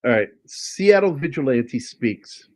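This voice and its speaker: A man's voice: medium pitch, sing-song, takes it slowly, darkish tone. Rambling, cursing male comic artist. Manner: rambling, swears casually, many restarts. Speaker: comic artist showing his work. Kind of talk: casual chat.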